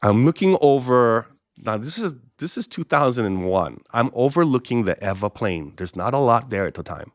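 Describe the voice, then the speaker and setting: A man's voice: moderate pace, no room sound, clean studio sound. A middle-aged male pastor from Hawaii, telling a story in casual talk and acting out both sides of the dialogue. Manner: animated storyteller, acts out both sides of dialogue with pitch jumps. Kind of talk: casual storytelling podcast interview.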